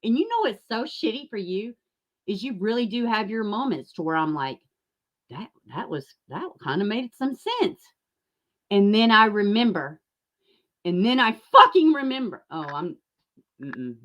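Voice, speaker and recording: A woman hosts a YouTube livestream, ranting angrily and sarcastically, cursing often and addressing chat viewers by name. Her medium-pitched voice is expressive and a bit bright at a moderate pace. The recording sounds muffled.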